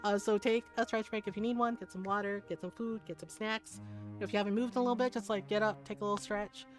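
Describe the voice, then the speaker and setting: A woman in her forties talks straight to her stream chat, outspoken and profane, with frequent laughter. Her voice sits at an ordinary pitch for a woman. Soft music plays quietly underneath. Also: steady tone, fast talker. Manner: frank, heated and profane, laughing often. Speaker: game streamer. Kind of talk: casual livestream chat.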